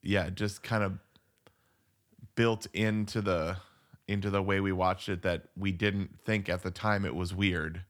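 A man co-hosting a podcast, joking and chiming in with quick agreement. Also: sits low, steady tone. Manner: lots of short agreeing replies, jokey. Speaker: podcast co-host. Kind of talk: casual movie-review chat.

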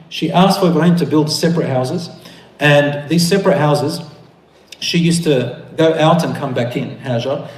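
A man gives a sermon in storytelling mode, building his phrases with animated, rising emphasis. His voice sits a bit high for a man. The room is echoey around him. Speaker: preacher.

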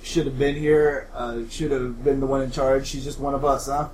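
A man's voice: mid-range voice, level tone, normal speed, darkish tone, a little hiss or hum, natural voice, rough recording. A man voicing a big, grinning camp counselor with a laid-back, bro-ish way of talking.

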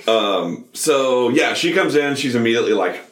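A man's voice: medium pitch, expressive, normal speed, echoey room. A man co-hosting a podcast, chatting casually about a film with many fillers and the odd swear. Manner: rambling, profane, many fillers. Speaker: podcast co-host.

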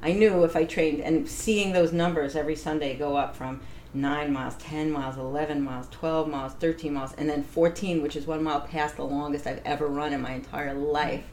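Woman guest, relaxed storyteller, lower voice, animated and laughing. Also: brisk, a little hiss or hum. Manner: animated, laughs often, acts out quoted voices. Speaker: interview guest. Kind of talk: casual storytelling.

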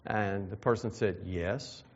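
Emphatic preacher, lively pitch, lo-fi sound. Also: male voice. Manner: emphatic preaching with slow stressed phrases. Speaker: pastor. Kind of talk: sermon. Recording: dull lo-fi sound.

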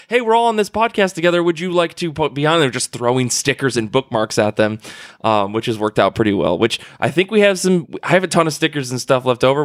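A man's voice: mid-range voice, no echo, clean studio sound. A man hosting a podcast, chatting casually and rambling with laughs and swearing. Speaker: podcast host. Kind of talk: casual chat. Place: convention floor.

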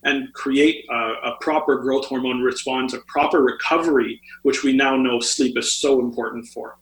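A man's voice: medium pitch, steady tone, moderate pace. A man appearing as a guest on a podcast, explaining health tips at length with frequent fillers like "um" and "uh". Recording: roomy echo.

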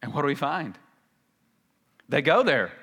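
A man preaching a sermon as a pastor, emphatic, swinging between loud and hushed and repeating phrases for stress. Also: on the high side, big pitch swings, unhurried, breathy edge. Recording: long reverb of a large hall.

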